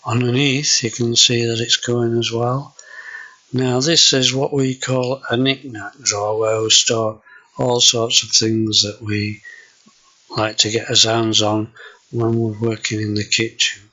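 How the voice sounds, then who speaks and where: An older Yorkshire man vlogs a casual home video, hesitantly showing viewers around his kitchen. His mid-range voice has a sharp tone and little pitch movement, and he speaks slowly with many fillers on a low-quality recording.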